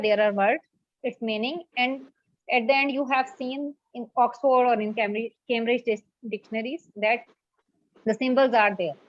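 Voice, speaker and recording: A woman's voice: fairly high pitch, dry recording. Patient woman teacher. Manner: patient, repeats points and checks with "okay?". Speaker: English teacher. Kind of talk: classroom lecture. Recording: muffled lo-fi classroom recording.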